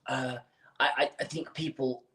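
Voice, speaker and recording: A man's voice: mid-range voice, steady tone, normal speed, bright, forceful tone, echoey room, pitched below the performer's own voice, close to an everyday voice. A man doing a hesitant impression of an evasive middle-aged club chairman who stumbles over his words. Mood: placating.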